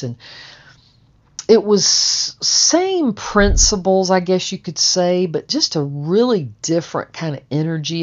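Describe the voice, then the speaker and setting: A woman's voice: low-pitched, dull audio. A woman telling a personal memoir story in a rambling, conversational way, full of "and so" and "you know".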